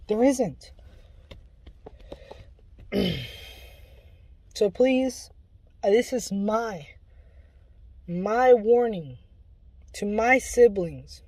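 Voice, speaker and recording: A woman's voice: medium pitch, slow pace, pauses often, dark tone, poor audio. A woman giving an impassioned religious warning, pleading and urgent, often restarting her sentences.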